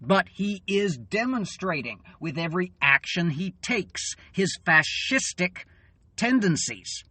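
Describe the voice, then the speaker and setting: A man in an angry, swearing political rant, tired and fuming, halting and then bursting out loud. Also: high voice, very animated, no echo. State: weary and fuming. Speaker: channel host.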